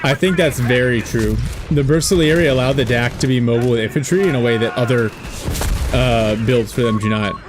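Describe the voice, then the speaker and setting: A man casting a strategy game replay in a relaxed way, thinking aloud with fillers and joking about himself. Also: medium pitch, brisk, music in the background. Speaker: game caster. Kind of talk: casual esports commentary over a replay. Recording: game battle sounds with gunfire and artillery behind.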